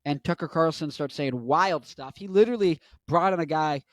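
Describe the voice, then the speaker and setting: A man's voice: fairly high pitch, normal speed, no echo. Rambling young man vlogging. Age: 20s. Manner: rambling, self-interrupting, joking asides. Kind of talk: casual commentary monologue.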